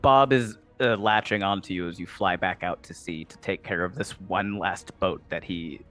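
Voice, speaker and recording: A man narrating and running a tabletop game as game master, low-key in manner. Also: a bit bright, faint music behind. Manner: slow, low-key narration with put-on character voices.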